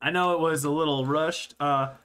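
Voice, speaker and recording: A young man hosting a joking comedic commentary video, playful and jokey, often jumping into high squealing exclamations. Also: steady tone, moderate pace, fairly bright tone, clear, resonant tone. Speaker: streamer and video host.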